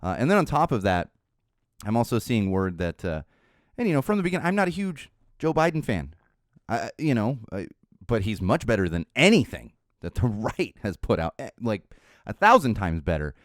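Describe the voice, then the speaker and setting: A middle-aged podcast host with a low, very animated voice tells stories at normal speed in studio-quality audio with no echo. His casual monologue rambles, full of restarts and asides.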